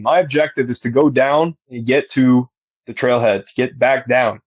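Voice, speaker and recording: A man's voice: on the high side, a little mellow, no room sound, dull audio. A man telling, earnestly and with emphasis, about a personal encounter as a guest on a podcast. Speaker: eyewitness guest.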